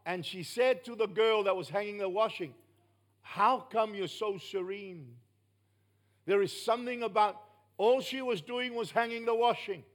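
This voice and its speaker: High-voiced emphatic New preacher. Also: male voice, fairly quick. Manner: emphatic, rising to loud bursts then dropping low. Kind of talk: sermon.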